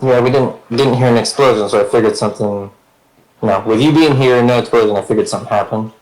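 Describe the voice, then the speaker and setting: A man's voice: medium pitch, quick pace, darkish tone, poor audio. A man playing in a tabletop game, casually talking through his plans. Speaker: player. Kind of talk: casual tabletop play online.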